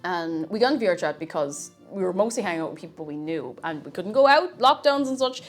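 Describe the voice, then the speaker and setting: A woman's voice: lowish voice, expressive, a little fast, soft background music. A woman with an Irish accent chatting casually on a live stream while cooking, reading chat aloud and laughing often. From Ireland.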